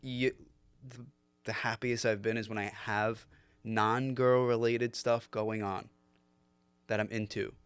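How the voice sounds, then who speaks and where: A man's voice: fairly low pitch, level tone, unhurried, long pauses, clean tone, no room sound. A young man co-hosting a podcast in casual chat, laid-back and offering friendly advice. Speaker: podcast co-host.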